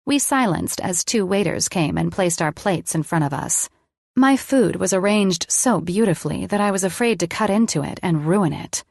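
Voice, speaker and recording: Low-voiced woman narrating an audiobook. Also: gravelly, darkish tone, no room sound, clean studio sound. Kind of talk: first-person audiobook narration.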